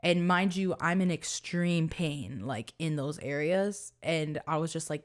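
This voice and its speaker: A woman's voice: measured pace, hardly any pauses. A young woman co-hosting a podcast, telling a personal story in casual chat with lots of fillers and an earnest tone. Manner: earnest, many fillers, soft low-voiced reliving of fear. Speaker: podcast co-host.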